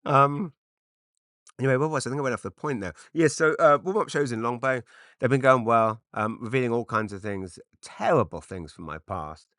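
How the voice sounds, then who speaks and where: A middle-aged English man hosting a podcast, telling rambling comic stories with quick asides and restarts. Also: medium pitch, a bit bright, no echo, clean studio sound. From England. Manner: chatty, self-interrupting, quick asides. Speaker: podcast host. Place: makeshift home studio padded with cushions.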